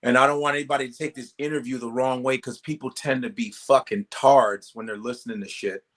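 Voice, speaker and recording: A male comedian telling stories as a guest in a casual interview, animated and profane, acting out quoted voices. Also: mid-range voice, brisk.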